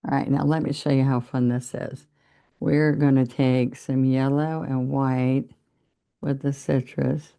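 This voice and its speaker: Slow, gravelly older woman teaching painting. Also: a bass voice, flat delivery, warm tone. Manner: chatty, encouraging, talks while working. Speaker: painting instructor. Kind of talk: relaxed painting demonstration.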